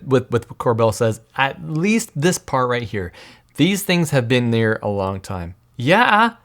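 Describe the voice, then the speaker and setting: A man hosting a podcast, chatting loosely over video clips he plays. He rambles, repeats himself and chuckles as he talks, at an everyday middle pitch. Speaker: podcast host. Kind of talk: casual commentary on video clips.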